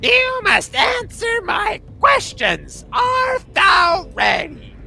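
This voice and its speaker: Deranged pompous kobold king: shrill, shouted, slow archaic speech. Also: huge pitch swings, vocal fry, faint music behind, full character voice. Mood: imperious.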